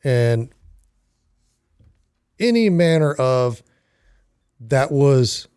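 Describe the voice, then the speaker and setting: A man's voice: medium pitch, moderate pace, darkish tone, no room sound, clean studio sound. A man co-hosting a casual podcast chat, wry and laughing, often restarting his sentences. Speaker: podcast co-host.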